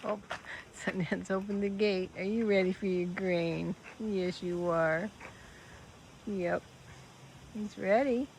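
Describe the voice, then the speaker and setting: Slow, soft-spoken woman on a windy farm. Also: mid-range voice, steady tone, gravelly, poor audio. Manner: soft, cooing talk to the horses. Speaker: farm vlogger. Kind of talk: casual farm vlog narration. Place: outdoors at a horse farm, windy. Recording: windy outdoor noise.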